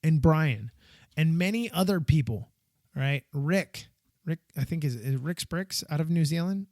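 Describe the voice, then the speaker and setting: A slightly high-voiced American man talks alone into a dry, close microphone, hosting his own podcast. He rambles warmly from one thought to the next, and his voice leaps upward when he gets worked up. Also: measured pace, dry recording. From United States. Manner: rambling, heartfelt and excitable, voice jumping up when enthused. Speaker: podcast host. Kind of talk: solo podcast monologue.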